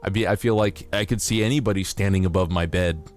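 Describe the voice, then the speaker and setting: Low-voiced joking male streamer. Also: steady tone, quick pace, soft background music. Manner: joking, playful, swears casually, laughs at himself. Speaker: livestreamer. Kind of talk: casual livestream chat, reading out stories.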